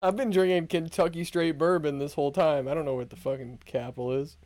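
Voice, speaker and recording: A man's voice: a little high, fairly even intonation, quick pace, a little mellow, a little hiss or hum. A man quizzing his co-host in casual podcast chat, joking and swearing freely. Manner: profane, joking quizmaster.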